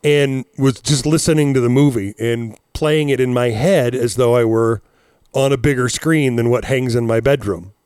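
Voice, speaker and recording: A man's voice: mid-range voice, normal speed, a little mellow, clear, resonant tone, dry recording, studio quality. A man in his forties, co-hosting a podcast in casual chat, rambling and cursing as he tells stories with laughs. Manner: rambling, profane, laughing storyteller. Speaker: podcast co-host.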